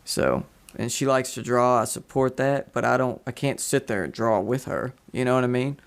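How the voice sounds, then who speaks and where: This man hosts a casual podcast chat and wanders through his thoughts, full of fillers and restarts. His voice sits at a middling pitch with a gravelly, creaky edge. He never settles into a tidy sentence. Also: fairly even intonation, moderate pace. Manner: rambling, lots of fillers and restarts. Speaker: podcast host.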